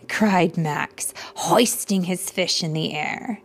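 Female storyteller reading to kids; hushed and whispery, husky texture, unhurried. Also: lowish voice. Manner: hushed, often whispered narration with asides to listeners. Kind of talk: soft-spoken storybook reading.

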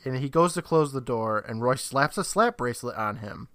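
A man co-hosting a podcast, casually retelling a show's plot with quick asides and laughs. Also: medium pitch, lively intonation, fairly bright tone, no echo. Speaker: podcast co-host. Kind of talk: casual episode recap.

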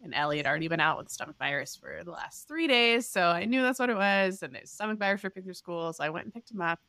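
A woman in her thirties co-hosting a podcast, telling a story in casual chat and acting out the voices with big leaps in pitch. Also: expressive, fast, bright, forceful tone, no echo. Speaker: podcast co-host.

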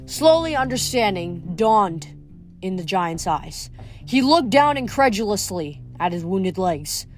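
A woman's voice: medium pitch, expressive, unhurried, faint music behind. A woman reading a novel aloud, with occasional slips that she corrects as she goes. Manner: reads with small slips and self-corrections. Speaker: audiobook reader.

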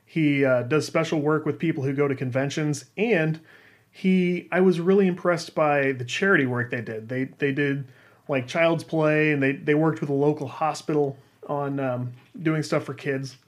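A man's voice: a little high, steady tone, normal speed. A man casually telling a personal story about freelance games writing, rambling and self-deprecating, with frequent restarts and fillers.

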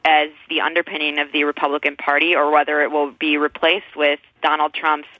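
Flat-toned man explaining politics. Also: a little high, dry recording. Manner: measured, explanatory, with fillers. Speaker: political analyst guest. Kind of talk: political commentary on radio. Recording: dull, dry radio audio.

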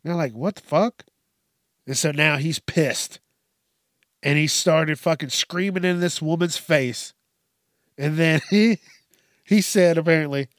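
A man's voice: a little high, unhurried, long pauses, no echo, studio quality. A man hosting a casual news commentary show, swearing constantly and laughing at his own stories.

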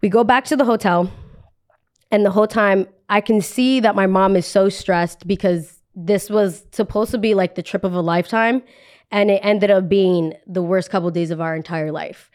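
A woman tells a story on her podcast, in an animated and chatty voice. Her pitch sits in an ordinary middle range for a woman. She talks casually and lightly acts out the people she quotes. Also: normal speed. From New Jersey. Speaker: podcast host telling a story.

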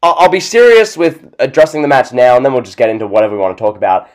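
A man's voice: mid-range voice, racing. A man hosting a wrestling podcast, chatting casually with sarcastic, mock-serious remarks. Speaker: podcast host. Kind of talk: casual chat.

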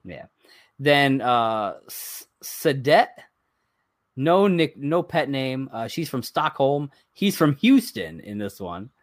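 A man's voice: mid-range voice, big pitch swings, takes it slowly, no echo, studio quality. Easygoing man reading off a list. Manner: reads items from a list, chuckling, loose and rambling. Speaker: podcast co-host. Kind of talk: casual chat.

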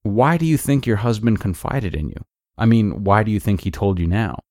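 A man hosting a podcast, calmly narrating a blog post in a measured way. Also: lowish voice, no room sound, studio quality. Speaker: host.

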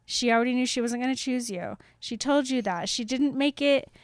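A woman's voice: on the high side, normal speed, dry recording, clean studio sound. A young woman chatting casually about a book, exasperated and often laughing. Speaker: podcast co-host recapping a book. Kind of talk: casual chat.

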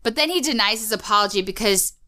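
A woman's voice: mid-range voice, lively intonation, fast, sharp tone. A woman co-hosting a podcast, recapping a cartoon episode in casual, opinionated chat and laughing often.

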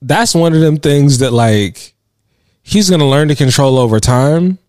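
A man's voice: on the high side, measured pace, darkish tone, dry recording, studio quality. A man co-hosting a casual podcast chat, joking in slangy banter and laughing a lot. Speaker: podcast co-host.

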